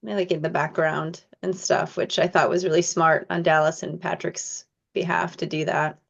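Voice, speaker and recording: A woman actress from Michigan chatting in an interview, telling lively stories and acting out the lines of other people. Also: fairly low pitch, normal speed, gravelly. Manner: animated storyteller, acts out quoted dialogue. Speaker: actress guest. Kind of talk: casual interview chat. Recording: muffled lo-fi audio.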